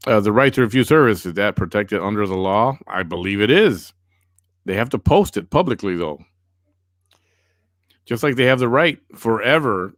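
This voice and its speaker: Low-voiced wry male podcast host. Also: fairly bright tone, dry recording, clean studio sound. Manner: wry, sarcastic. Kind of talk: casual chat reading viewer comments.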